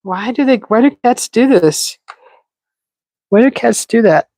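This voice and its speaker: A woman's voice: on the high side, animated, unhurried, warm tone, no echo, poor audio. Chatty giggly woman, dry close sound. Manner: chatty, giggly, restarts often. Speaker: livestream host. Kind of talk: casual live chat with viewers. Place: outdoors in a desert yard.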